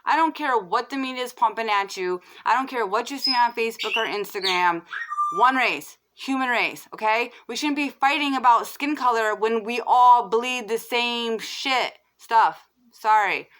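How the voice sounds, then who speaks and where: A woman vlogger talks straight into the camera in an impassioned rant. Her voice is bright and edged, and she presses her points hard, repeats herself, and leans on "like" as she goes. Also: a little high, normal speed. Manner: heated and insistent, repeats herself, many fillers of "like".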